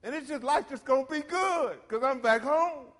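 A middle-aged man preaches with emphatic call-and-response. His voice sits high for a man. The sound carries a long reverb from the church hall. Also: moderate pace, a bit bright. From South Carolina. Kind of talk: sermon.

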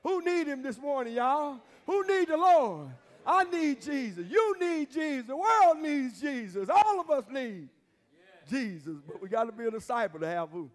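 A man's voice: extremely high pitch, big pitch swings, moderate pace. A man preaching a sermon as pastor, with emphatic call-and-response and repeated phrases, recorded in a church sanctuary. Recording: long reverb of a church hall.

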